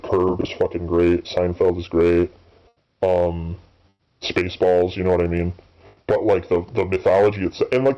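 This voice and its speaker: A low-voiced gaming channel host in his thirties rambles through off-the-cuff commentary while playing, swearing often and stumbling over fillers and restarts. The recording is dull and lo-fi, with no crisp top end.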